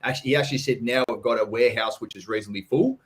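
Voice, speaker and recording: A man's voice: medium pitch, rapid-fire. An Australian man hosting a live property Q&A, talking bluntly and casually, swearing freely and calling people mate and buddy. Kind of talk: casual live-stream chat.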